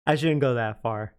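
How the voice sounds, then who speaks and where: A man chatting casually on a livestream, often breaking into laughter as he talks. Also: mid-range voice. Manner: giggly, laughs through his words. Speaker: live streamer.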